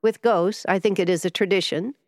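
A woman's voice: mid-range voice, fairly even intonation, a little fast, darkish tone, dry recording, studio quality, in a large hall, lightly acted. A woman voicing a self-important, superior male doctor in a storybook reading.

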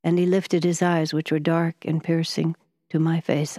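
Low-voiced woman reading a story. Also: flat delivery, normal speed, warm tone, no echo, studio quality. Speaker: narrator. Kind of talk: audiobook narration.

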